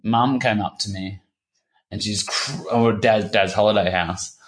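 A man in his thirties talking candidly as an interview guest, halting and repeating himself, swearing casually. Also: on the low side. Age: 30s. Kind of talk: candid personal conversation.

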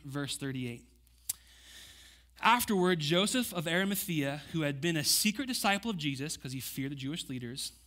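Bright-voiced, animated young male preacher. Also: on the high side. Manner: conversational, animated, acts out quotes with slang asides. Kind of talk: casual sermon.

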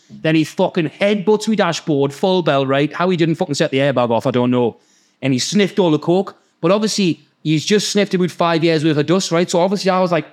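A man with a Geordie accent, hosting a podcast and telling a story in a sweary, animated way. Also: a little high. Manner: sweary, animated, acts out the people in his stories. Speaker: podcast host. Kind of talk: casual storytelling.

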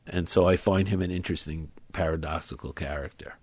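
A man being interviewed as an author, explaining at length in a thoughtful, measured way. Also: a bass voice, fairly even intonation, a little mellow, breathy edge, no room sound. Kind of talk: conversational interview.

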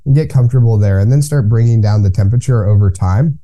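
A man being interviewed as a guest, explaining his routine in a calm, instructive way. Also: lowish voice, fast. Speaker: guest, cold plunge business owner. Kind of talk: conversational interview.

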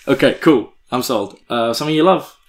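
A woman hosting a casual conversation, asking short questions and reacting in a relaxed way. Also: very deep voice, brisk, roomy sound, recorded from a distance. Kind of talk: casual chat.

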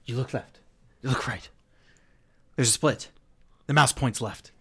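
A man's voice: mid-range voice, a little slow, fairly bright tone, breathy edge. A man running a tabletop game as game master, narrating the scene in a loose, casual way. He laughs easily and leans on fillers as he goes.

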